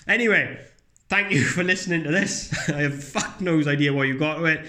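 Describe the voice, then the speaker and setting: A man's voice: fairly high pitch, a little fast, pushed and bright. A young man hosting his own podcast, talking alone and casually in a blunt, sweary way, now and then putting on sarcastic voices. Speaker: podcast host. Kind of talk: casual solo podcast monologue.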